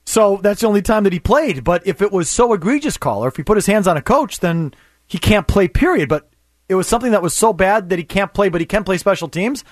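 A man's voice: high voice, lively intonation, fast talker, no room sound, clean studio sound. A man hosting a sports talk radio show, arguing his case with pointed rhetorical questions.

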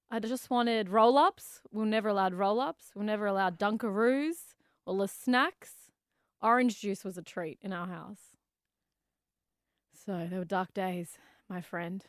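A woman's voice: medium pitch, a little slow, dry recording, studio quality. A woman telling stories on a radio show, wry and teasing. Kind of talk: casual on-air chat.

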